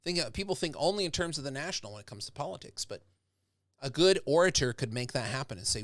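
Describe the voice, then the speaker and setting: A man's voice: a little high, expressive, fast, fairly bright tone, dry recording. Dry, chatty male professor. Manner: conversational, acts out example speakers with rising intensity. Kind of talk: casual lecture.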